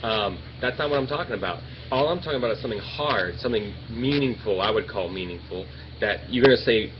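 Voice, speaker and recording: A man's voice: on the low side, expressive, brisk. A man arguing bluntly and profanely in an online debate. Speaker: debate participant. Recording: lo-fi call audio with clear background noise.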